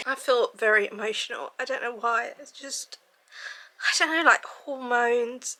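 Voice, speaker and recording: A young woman from England, talking candidly in a casual home vlog, often dropping to a soft, hushed voice. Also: on the high side, fairly even intonation, a little slow. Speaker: vlogger. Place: at home, then outdoors in a garden.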